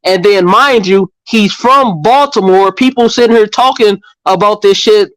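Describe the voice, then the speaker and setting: A man's voice: high voice, measured pace, a bit bright, dry recording, rough recording. A man in a barbershop talk, arguing earnestly and insisting on his point, repeating himself when challenged. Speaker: barbershop panelist. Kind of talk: casual debate.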